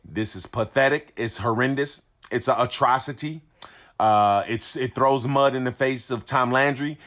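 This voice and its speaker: A man's voice: medium pitch, normal speed, a bit bright. A man giving an indignant, repetitive rant as a sports commentator, hammering his points over and over. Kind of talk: ranting video commentary.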